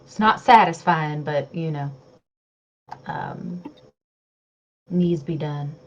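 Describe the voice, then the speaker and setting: Slow-talking, giggly woman player. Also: sits low, darkish tone, lo-fi sound, slight background noise. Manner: giggly, unhurried, laughs often. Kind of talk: casual tabletop play.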